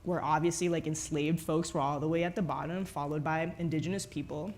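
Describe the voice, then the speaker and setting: A fairly low-voiced woman in her thirties with a Spanish accent from Spain, talking through ideas as a conversation guest. She keeps checking in with "no?" and starts her sentences over as she thinks aloud. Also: fairly even intonation, fairly quick, darkish tone. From grew up in Madrid, Spain. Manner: frequent tag "no?", many restarts. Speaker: journalist and author guest. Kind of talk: conversational book talk. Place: event stage before audience.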